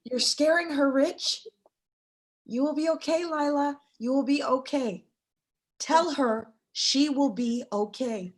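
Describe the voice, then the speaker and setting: A woman voicing a teenage girl in a play reading, speaking urgently and pleading for calm. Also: high-pitched, slow pace. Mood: steadying.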